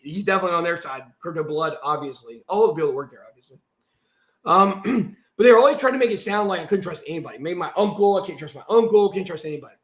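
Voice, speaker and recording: A man on a live stream, reading a document aloud and breaking into heated, shouted asides. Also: high voice, echoey room. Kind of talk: livestream monologue reading out a document.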